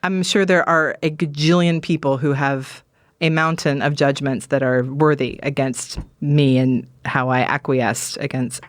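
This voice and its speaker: A woman's voice: very deep voice, steady tone, a little slow, no echo, studio quality. A woman guest telling long, candid stories in a rambling, frank way, swearing casually. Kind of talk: candid conversational storytelling.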